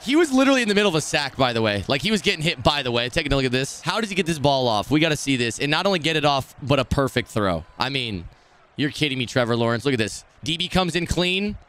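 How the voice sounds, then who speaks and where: A young man streaming a football video game, commenting live, swearing and swinging between muttered complaints and shouted reactions. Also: mid-range voice, big pitch swings, fast. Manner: profane trash talk.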